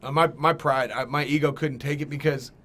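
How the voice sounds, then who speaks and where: A young man telling a comedic story on a podcast, animated and profane, acting out voices. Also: fairly high pitch, fairly quick. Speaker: podcast guest.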